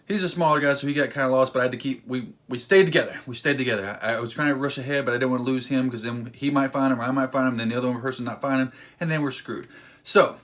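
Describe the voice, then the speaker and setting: A man vlogging a casual story in an excitable, rambling way, acting out what people said. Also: mid-range voice, fast. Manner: excitable, rambling, acts out quotes.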